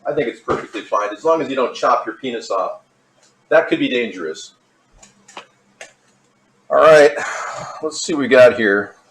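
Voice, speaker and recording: There's slight background noise as a home cooking vlogger walks through a recipe in his kitchen. His mid-range voice is expressive and a bit bright, at normal speed with frequent pauses, and his casual talk rambles, jokes and strays off topic.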